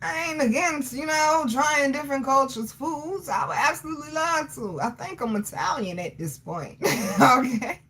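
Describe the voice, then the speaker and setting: A woman chats on a livestream, reading comments aloud. Her voice sits a little high and sounds bright and forceful. She teases her viewers and laughs a lot, tagging her lines with "okay?". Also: lively intonation, normal speed. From Portsmouth, Virginia, US. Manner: teasing, laughs often, frequent 'okay?' tags. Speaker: livestream host.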